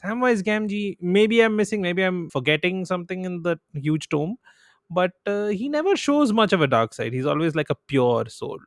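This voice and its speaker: A man's voice: high-pitched, expressive, normal speed, no room sound, studio quality. Playful male quiz podcast contestant. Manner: playful, thinks aloud. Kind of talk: casual quiz chat.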